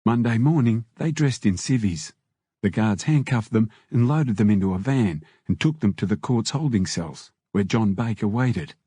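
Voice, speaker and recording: A man reading an audiobook in steady scripted narration on a close mic. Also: on the low side, moderate pace, breathy edge, dry recording.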